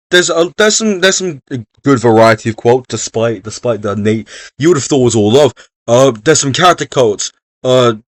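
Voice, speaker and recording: A man's voice: medium pitch, no room sound, clean studio sound. A young man giving casual, jokey exam revision talk, rambling and swearing freely. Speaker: revision video host.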